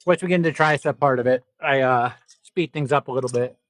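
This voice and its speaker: A man's voice: medium pitch, quick pace, no room sound, clean studio sound. Nasal stuffy-nosed man in a gym. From South Dakota. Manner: profane, rambling, laughs often. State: stuffy nose. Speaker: fitness vlogger. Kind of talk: casual gym livestream chat. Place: indoor gym.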